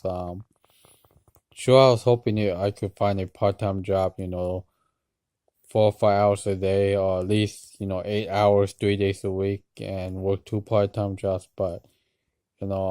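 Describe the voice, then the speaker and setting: Vlogger guy, low flat smooth voice, tired and halting, dry sound. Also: dry recording. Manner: hesitant, many ums and restarts, soft-spoken. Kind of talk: casual personal vlog.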